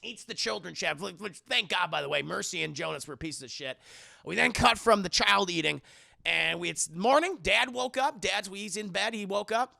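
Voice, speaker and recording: Gravelly, profane young man recapping a film. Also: high voice, normal speed, no room sound, studio quality. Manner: profane, animated, addresses the chat. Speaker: film reviewer streaming to a live chat. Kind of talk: casual comic plot recap.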